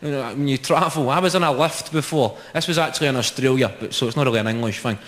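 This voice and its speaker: A man with a Scottish accent doing live stand-up comedy, telling animated stories and acting out characters. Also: medium pitch, quick pace, heavy background noise. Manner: animated storytelling, acts out characters in shouts. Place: large venue with a live audience. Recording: roomy live recording with loud crowd. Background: audience laughter.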